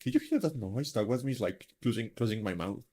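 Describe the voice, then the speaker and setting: A man's voice: fairly low pitch, expressive, brisk, warm tone, breathy edge. A man hosting a live stream, chatting casually in a rambling, self-mocking way with lots of fillers. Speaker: streamer host.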